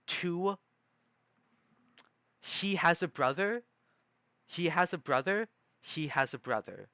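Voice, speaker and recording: A man's voice: a little high, animated, slow pace, creaky, pauses often, sharp tone, dry recording. A man streaming casually, reading a book aloud and rambling with many self-corrections.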